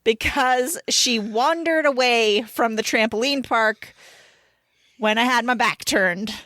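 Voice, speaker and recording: Animated woman telling stories, dry sound. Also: fairly high pitch, takes it slowly, no echo. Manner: animated storyteller, laughs mid-sentence. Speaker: podcast co-host. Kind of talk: casual chat.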